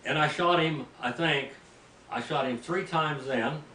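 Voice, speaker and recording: An older male pastor spins a folksy story from the pulpit, his voice jumping into loud outbursts. He stands away from the mic in a roomy space, with a faint hum of noise behind him. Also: on the high side, unhurried, recorded from a distance. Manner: folksy, animated storytelling with sudden loud bursts. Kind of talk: storytelling sermon. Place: mission field, preaching to a group.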